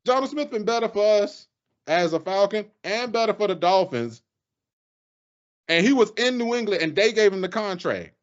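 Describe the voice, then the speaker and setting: A man co-hosting a sports podcast with a fairly high voice, ranting in an animated, profane way. The audio is dull and lo-fi, like a cheap podcast mic. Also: normal speed. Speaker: podcast co-host. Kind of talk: casual sports chat.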